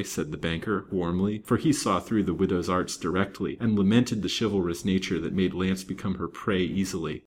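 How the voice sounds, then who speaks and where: A man narrating a Victorian novel aloud in a measured, formal storybook reading. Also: low-pitched, slight background noise. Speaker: storybook reader.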